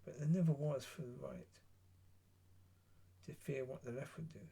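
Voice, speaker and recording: Man, solo political monologue, gravelly, husky, blunt, rambling. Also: medium pitch, warm tone. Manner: blunt, opinionated, rambling with pauses. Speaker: political commentator.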